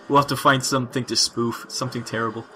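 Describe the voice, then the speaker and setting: A man's voice: medium pitch, pushed and bright. A man from Ontario co-hosting a podcast in casual chat, joking and laughing often. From Ontario, Canada. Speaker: podcast co-host.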